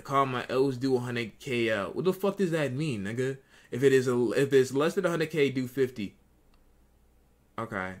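A man's voice: mid-range voice, animated, moderate pace. Profane, repetitive young male streamer. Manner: profane, repetitive, talks to chat. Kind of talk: casual live-stream commentary.

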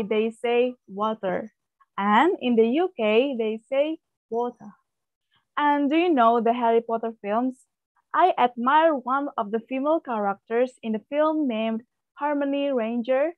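A woman's voice: on the high side, no room sound. A woman learning English reads out a prepared answer in an eager, admiring way. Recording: tinny phone-like recording.

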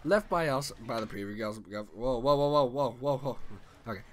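A man's voice: mid-range voice, a little fast, slight background noise. Tipsy young guy rambling over a game. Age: young adult. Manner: rambling, giggly, swears a lot; loses his train of thought. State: tipsy from drinking. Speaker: let's play commentator. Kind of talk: casual gaming commentary.

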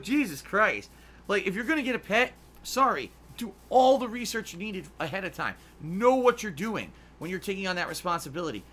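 Forceful, profane man streaming a game. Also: sits high. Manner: profane, ranting; emphatic, heated. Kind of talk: casual gameplay chat.

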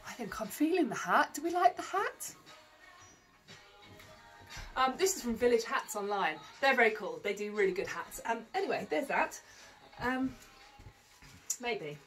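Woman, shop owner, rambling self-mocking try-on chat, lightly raised pitch. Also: very animated, a little slow, pauses often, a bit bright, faint music behind. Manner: chatty, rambling and self-mocking, lots of ums. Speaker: boutique owner. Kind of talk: casual fashion try-on vlog.

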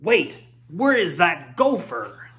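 A man voicing a grumpy, hungry male character who guards his clover patch and yells. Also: on the high side, a little slow, close to an everyday voice. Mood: menacing. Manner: gruff, yelling.

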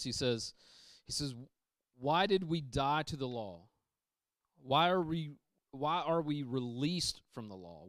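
A man preaching a sermon, emphatic and repetitive, moving from loud passages down to hushed ones. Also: on the high side, clean tone, dry recording, clean studio sound. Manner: emphatic, repeats phrases, shifts from loud to hushed. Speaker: pastor. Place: church sanctuary.

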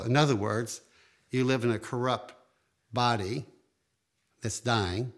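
A man preaching a sermon in a voice of ordinary pitch. He swings from quiet, slow phrases to sudden high, loud emphasis. He laughs lightly now and then while he preaches. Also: steady tone. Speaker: pastor.

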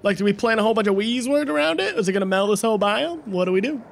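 A man's voice: sits high, lively intonation, very fast, vocal fry, slight background noise. A male streamer giving live gameplay commentary, rambling and puzzled, asking himself questions aloud as he plays.

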